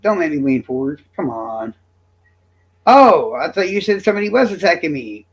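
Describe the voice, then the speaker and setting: A man's voice: fairly high pitch, big pitch swings, moderate pace. Profane boastful male streamer. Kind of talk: livestream rant to chat.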